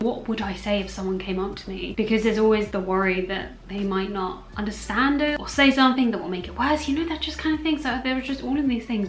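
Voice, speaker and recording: A woman's voice: medium pitch, gravelly. A woman talking casually to camera at home, chatty and earnest, rambling and correcting herself as she encourages viewers. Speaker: self-acceptance content creator. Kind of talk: casual vlog talk. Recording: echoey room.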